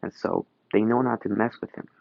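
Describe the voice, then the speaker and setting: A man's voice: on the low side, fairly even intonation, fairly quick, vocal fry, no room sound. Rambling man retelling a fan story. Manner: rambling, filler-heavy. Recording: dull, dry recording.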